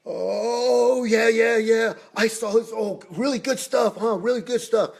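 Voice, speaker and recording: A man's voice: extremely high pitch, unhurried, gravelly, voice pushed up, exaggerated voice. A man voicing a fawning middle-aged film director who gushes to please. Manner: gushing, eager to please.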